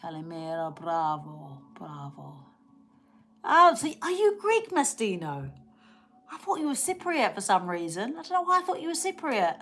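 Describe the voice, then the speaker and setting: A woman's voice: lowish voice, expressive, moderate pace, a bit bright, a little hiss or hum. Chatty woman live-streaming. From England. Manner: chatty, laughs often, reads out viewer comments. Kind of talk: casual live-stream chat.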